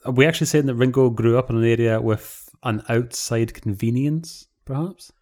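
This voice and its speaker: A man in a casual discussion, measured and deliberate, with dry humor. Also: mid-range voice, a little mellow.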